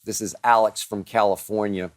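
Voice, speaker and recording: A man's voice: on the low side, little pitch movement, normal speed, no echo, clean studio sound. A man hosting a show, answering listener questions in a dramatic, emphatic monologue that piles up strong words.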